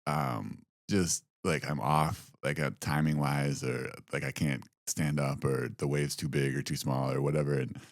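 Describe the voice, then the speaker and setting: A man with an extremely deep voice talks casually on a podcast, starting and restarting his sentences. He is self-deprecating and unhurried. The sound is dry and close to the mic. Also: level tone, vocal fry, no echo. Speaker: podcast co-host. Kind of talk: casual chat.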